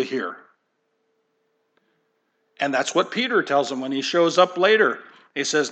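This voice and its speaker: A man's voice: fairly high pitch, a little slow, pauses often, sharp tone. A man preaching a sermon as pastor, emphatic and asking rhetorical questions.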